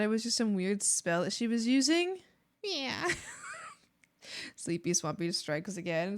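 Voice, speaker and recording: A woman's voice: medium pitch, huge pitch swings, slow pace, pauses often. A woman art streamer chatting casually while drawing, playful and rambling with silly jokes.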